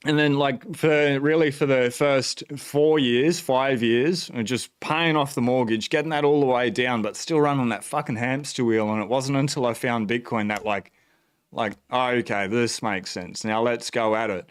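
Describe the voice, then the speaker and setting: An Australian man hosting a casual livestream, excited and profane, rambling with fillers and restarts. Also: medium pitch, normal speed, smooth. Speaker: bitcoin channel host. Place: at home.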